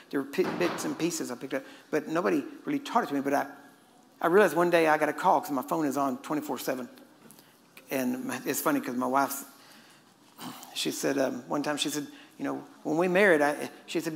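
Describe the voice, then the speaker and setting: A man's voice: a little high, gravelly, slight background noise. A man preaching a sermon as a casual story, now and then laughing at his own asides. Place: church hall. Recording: echoey hall with faint ambience.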